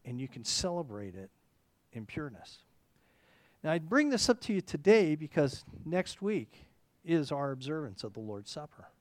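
A man's voice: a little high, very animated, moderate pace, dry recording. A man preaching a conversational sermon, rambling and correcting himself, often checking in with "okay?". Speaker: pastor.

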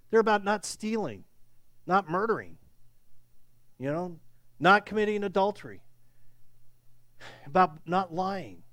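Animated, high-voiced male preacher. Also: dry recording. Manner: animated, conversational preaching with frequent "okay?". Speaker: pastor. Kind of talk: sermon.

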